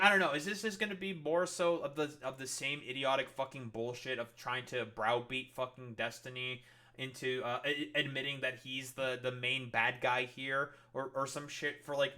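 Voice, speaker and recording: A man's voice: mid-range voice, sharp tone. A man giving heated, swear-filled commentary as a streamer reacting to a debate, sarcastic and blunt. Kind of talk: profane ranting commentary.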